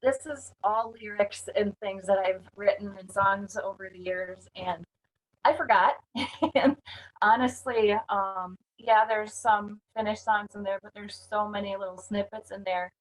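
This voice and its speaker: A woman's voice: medium pitch, steady tone, a little slow, low-quality recording. A woman from the Minneapolis area speaks in a mid-range voice. She gives an earnest, candid testimonial with a plain delivery. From Minneapolis area, United States. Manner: earnest, candid, with light laughs. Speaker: songwriting community member giving a testimonial. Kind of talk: spoken testimonial.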